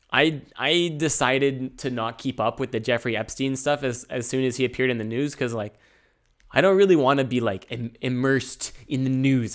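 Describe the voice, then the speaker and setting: A man's voice: medium pitch, a bit bright, smooth. Laid-back rambling male podcaster. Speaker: podcast host. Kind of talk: casual solo podcast monologue.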